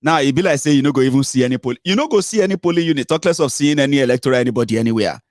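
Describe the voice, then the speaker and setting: A man's voice: mid-range voice, animated, rapid-fire, a little mellow, no echo, studio quality. A Nigerian man with a Nigerian accent, mixing in Pidgin and Yoruba, giving an emphatic, mocking political monologue full of rhetorical questions. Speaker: political commentator.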